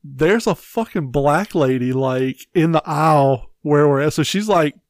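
A man's voice: on the high side, measured pace, dry recording. A man, co-hosting a podcast and telling crude stories with lots of swearing and laughter. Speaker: podcast co-host. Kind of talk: casual chat.

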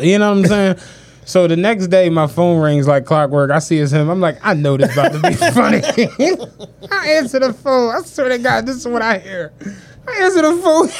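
A man's voice: sits high, a little fast, slight background noise. A man co-hosting a casual podcast, telling a story in slangy talk and acting out the people he quotes. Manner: animated anecdote-telling, acts out quoted voices, slangy. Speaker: podcast co-host.

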